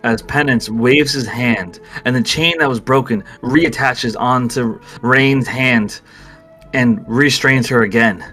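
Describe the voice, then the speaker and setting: A man's voice: medium pitch, slow, pushed and bright, faint music behind. A man narrating a tabletop role-playing game as game master, describing the action steadily.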